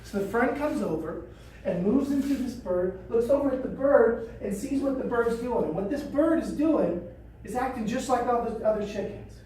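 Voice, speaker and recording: A woman trainer telling a story at a training session, animated and repeating phrases. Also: on the high side, moderate pace, a little hiss or hum. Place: training room. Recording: echoey room from a distance.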